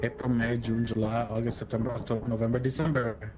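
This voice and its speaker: A man playing a game with friends, making slow, drawling remarks. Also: medium pitch, flat delivery, noisy background. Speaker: co-player. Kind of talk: casual gaming chat.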